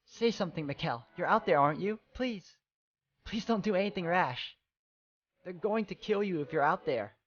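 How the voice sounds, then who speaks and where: A man's voice: sits high, animated, moderate pace, fairly bright tone, muffled recording, slight background noise, voice pushed up. A man voicing a desperate young woman, pleading with her lover in a frantic, raised voice as he reads game dialogue aloud.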